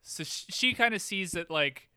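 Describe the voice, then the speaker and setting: A man's voice: high-pitched, animated, normal speed, bright, forceful tone, smooth, no room sound, studio quality. A man co-hosting a podcast, joking casually as he recaps an old TV episode. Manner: joking, playful, acts out quotes. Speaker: podcast co-host.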